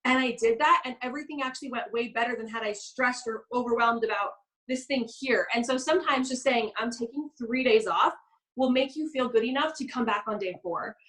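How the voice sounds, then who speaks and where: Young woman, high voice, quick pace, bubbly coach, animated storytelling. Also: rough recording. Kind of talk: live business coaching session.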